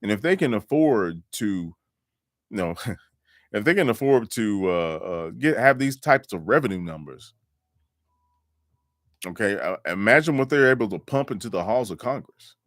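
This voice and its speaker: A man's voice: fairly low pitch, expressive, moderate pace, pauses often, no room sound, studio quality. A man hosting a casual live stream, talking loosely with lots of fillers and restarts. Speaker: live show host. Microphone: home microphone.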